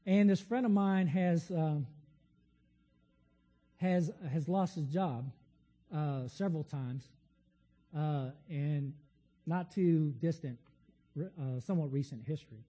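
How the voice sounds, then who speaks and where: A man's voice: on the high side, slow pace, pauses often, mellow, long reverb tail. A man preaching a sermon in a conversational, storytelling way with frequent restarts.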